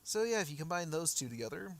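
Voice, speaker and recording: A man's voice: on the high side, big pitch swings, fast. A man streaming a game, talking casually and rambling with frequent restarts while answering chat, his voice a bit worn. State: losing his voice. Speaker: gaming streamer. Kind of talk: casual livestream commentary.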